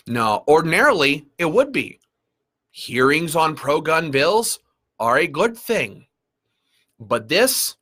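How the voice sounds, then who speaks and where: A man's voice: on the high side, sharp tone. A man leading an advocacy group, giving impassioned commentary in an emphatic, sarcastic way. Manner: emphatic and sarcastic, with repeated phrases. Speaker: gun rights group leader.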